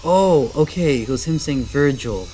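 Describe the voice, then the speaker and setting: At night in a garage, a gaming video host plays a horror game over loud game music. He reads its text aloud dramatically and excitably breaks off with frequent startled exclamations. His voice is medium-pitched and unhurried, with slight background noise.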